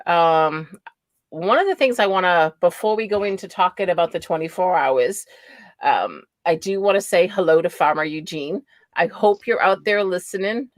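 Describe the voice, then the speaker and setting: A woman's voice: lowish voice, expressive, moderate pace, no room sound. Chatty New England woman streamer. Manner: chatty, greets viewers by name, laughs often. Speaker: livestream host. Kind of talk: casual livestream chat.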